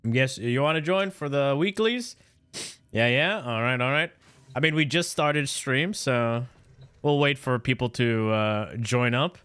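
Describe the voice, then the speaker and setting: A man's voice: mid-range voice, unhurried, fairly bright tone, clean tone. A young man live-streaming a video game from a home setup, joking with chat, rambling, swearing freely and stumbling over words.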